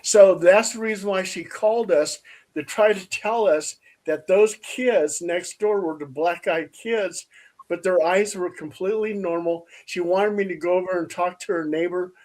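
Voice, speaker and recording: At normal speed and high-pitched, a man leads a casual chat, bringing a story to life by acting out the voices of those involved.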